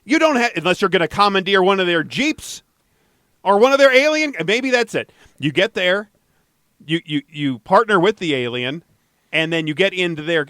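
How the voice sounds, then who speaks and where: A man hosting a casual podcast, reading news items and riffing on them in an animated, jokey way. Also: fairly high pitch, no room sound, clean studio sound. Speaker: podcast host.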